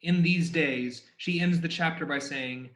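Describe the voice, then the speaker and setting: A man's voice: on the high side, a little slow, fairly bright tone. A man giving a casual chapter-by-chapter summary of a classic novel, retelling scenes in everyday slang and reading quotes aloud. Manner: conversational, paraphrases scenes in modern slang. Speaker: literature explainer. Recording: echoey room.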